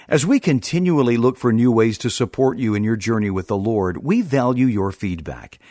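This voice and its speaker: Male ministry announcer, husky, dry close read, lively inflection. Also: medium pitch, no echo. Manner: smooth, measured announcer delivery. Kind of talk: scripted announcement.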